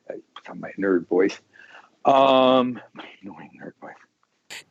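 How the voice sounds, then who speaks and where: Man, show host, casual chat, rambling, animated, lots of restarts, muffled lo-fi recording. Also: medium pitch, measured pace, pauses often, dry recording. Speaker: tarot podcast host.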